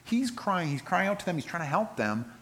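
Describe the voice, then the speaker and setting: Expressive preacher man. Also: high-pitched, brisk, a little hiss or hum. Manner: expressive, acts out voices in quotes, swings from loud emphasis to quiet reading. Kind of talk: sermon.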